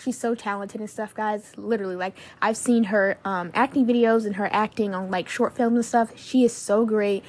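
A woman's voice: medium pitch, fairly even intonation, moderate pace, few pauses, darkish tone. A woman hosting her own podcast in a gushing, upbeat chat, full of "like" and "literally" fillers. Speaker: podcast host.

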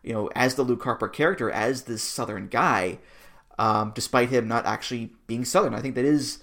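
A man's voice: medium pitch, normal speed, a bit bright. A man co-hosting a podcast, chatting casually and reassuringly as he breaks down songs. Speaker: podcast co-host. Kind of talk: casual chat about wrestling theme songs.

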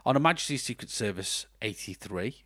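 A man's voice: on the low side, expressive, fairly quick, a bit bright, dry recording, clean studio sound. A man co-hosting a casual podcast, chatty and self-mocking, talking with lots of restarts. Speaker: podcast co-host. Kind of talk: casual chat.

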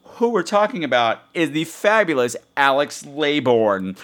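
A man's voice: fairly high pitch, sing-song, unhurried, a bit bright. A man hosting a podcast in a frenetic, rambling and self-mocking solo monologue. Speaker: podcast host.

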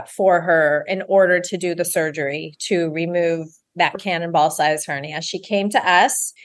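A woman guest on a podcast who explains things earnestly and plainly. Her voice sits at a medium pitch for a woman. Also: fairly bright tone. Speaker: guest, animal rescue founder. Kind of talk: interview guest.

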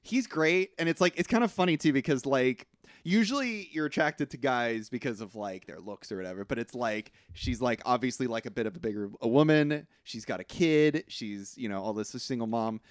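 A man's voice: mid-range voice, brisk, no echo, studio quality. A man co-hosting a podcast, chatting casually about a movie, who laughs a lot and swears for emphasis. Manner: reactive, laughs often, curses for emphasis. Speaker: podcast co-host. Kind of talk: casual movie recap chat.

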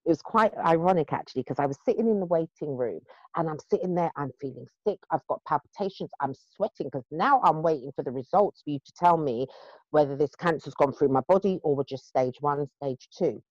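A woman's voice: low voice, a little fast, a little mellow, no echo. A woman, telling her own story animatedly in a casual chat and acting out what people said to her. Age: 40s. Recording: dull, dry sound.

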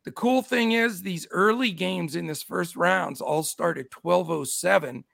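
A man's voice: sits high, unhurried, vocal fry, dry recording, studio quality. A middle-aged man with a scratchy voice hosting a casual sports betting show, upbeat as he greets his chat. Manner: upbeat, shouts out chat names. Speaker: show host.

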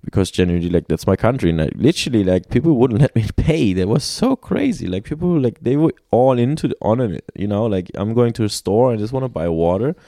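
A man's voice: on the low side, fast, hardly any pauses, dry recording, clean studio sound. A man telling travel stories in casual conversation, full of restarts, fillers and laughter. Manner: animated storyteller with many restarts and laughs.

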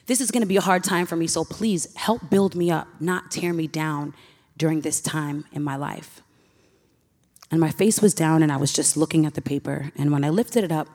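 A woman's voice: low voice, darkish tone. A young woman from Queens, New York, telling a personal story on stage in an earnest, emotional way with sighs. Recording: reverberant hall.

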